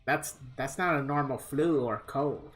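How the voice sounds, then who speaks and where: A man's voice: medium pitch, measured pace, fairly bright tone, faint music behind. Profane, rambling male game streamer. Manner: rambling, profane, chatty storytelling. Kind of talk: casual live-stream chat.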